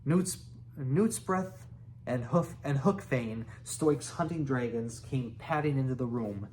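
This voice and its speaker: A man reads a children's novel aloud at a slow, careful pace, now and then tripping and going back over words. His voice sits at a middle pitch. A faint hiss lies beneath the recording. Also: lively intonation, darkish tone. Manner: unhurried, with restarts and asides. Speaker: reader. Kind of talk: reading a children's book aloud.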